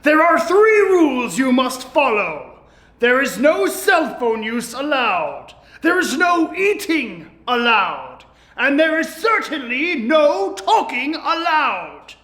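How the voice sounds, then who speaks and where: A man voicing a mean, gloating male schoolteacher with a British accent and a slow, sneering delivery. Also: extremely high pitch, very animated, bright, forceful tone, full character voice. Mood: stern. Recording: roomy echoey room.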